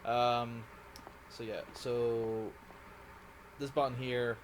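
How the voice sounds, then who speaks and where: A man's voice: mid-range voice, flat delivery, very slow, a little hiss or hum. Rambling Scottish man streaming a game. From Scotland. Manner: rambling, self-correcting, giggly. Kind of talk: casual live gameplay commentary.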